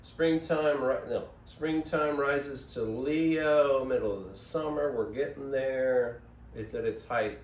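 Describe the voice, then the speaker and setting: Speaking slowly in a mid-range voice, a man rambles through a casual spiritual monologue as host, straying into digressions and interrupting himself. The phone captured him from far off in an echoey room, with a faint hiss underneath.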